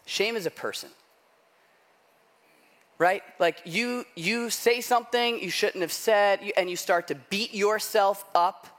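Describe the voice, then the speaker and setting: A man's voice: high-pitched, unhurried. A man preaching a sermon as pastor, telling stories in a chatty, self-mocking way with lots of "like" and "right?". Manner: animated storytelling with self-deprecating humor; conversational, frequent "like" and "right?".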